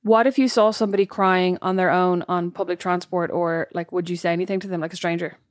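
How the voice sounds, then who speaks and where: Reflective woman, lowish voice. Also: steady tone, fast talker, no echo, clean studio sound. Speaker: podcast co-host. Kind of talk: casual chat.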